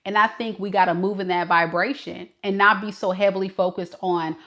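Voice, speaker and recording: A young woman, a tarot reader, chatting casually to camera with playful, animated storytelling. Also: mid-range voice, a little fast. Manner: animated, playful storytelling with lots of acted-out voices.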